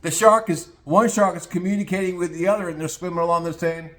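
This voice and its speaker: Fast and a bit bright, this older retired vlogger's high voice keeps a fairly even intonation through a crude, mocking monologue. He rants casually, tells stories, and drops into put-on voices.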